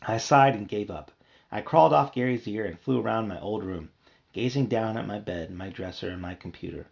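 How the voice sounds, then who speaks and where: A man's voice: on the low side, a little fast, creaky, dull audio. A man reading a children's horror book aloud, narrating expressively. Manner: expressive storytelling. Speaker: reader.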